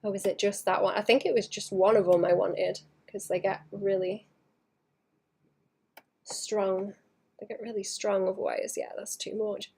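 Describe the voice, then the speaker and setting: A woman livestreaming her painting, chatting casually and thinking aloud in soft mutters that trail into whispers, second-guessing her work. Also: mid-range voice, level tone, unhurried, creaky, breathy edge. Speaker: artist streaming her painting.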